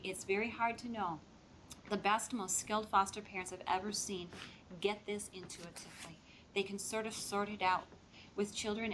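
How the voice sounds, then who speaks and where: A woman's voice: mid-range voice, slight background noise. A middle-aged woman giving a lecture to foster parents and acting out the voices in the stories she quotes. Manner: lively, acts out quoted voices. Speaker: speaker training foster parents.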